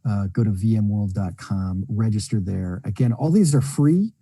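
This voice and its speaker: A man's voice: on the low side, expressive, normal speed, dark tone, husky, no echo. A man hosting a tech webinar over a video call, chatting casually and rambling with jokes and fillers. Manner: rambling, jokey, lots of fillers. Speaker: webinar host. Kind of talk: casual chat.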